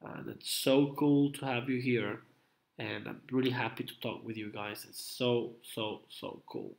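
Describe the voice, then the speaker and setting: A man's voice: medium pitch, fairly even intonation, a little slow, gravelly. A man hosting a casual live stream, rambling and hesitant with many fillers, coughing from a cold. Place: home room at night. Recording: roomy echo.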